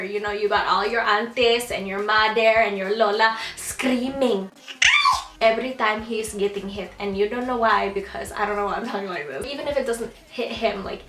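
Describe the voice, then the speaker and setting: A woman's voice: medium pitch, a bit bright. Sassy young woman vlogging in an echoey room. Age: 20s. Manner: sassy, emphatic, casually profane. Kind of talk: casual to-camera comedy vlog. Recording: roomy echo.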